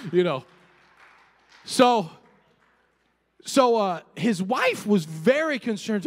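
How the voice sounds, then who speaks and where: Guy preaching in a church, high voice that swings all over, long echo tail from the hall. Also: moderate pace. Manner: animated preaching with humorous asides and calls to the congregation. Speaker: pastor. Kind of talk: sermon. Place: church sanctuary.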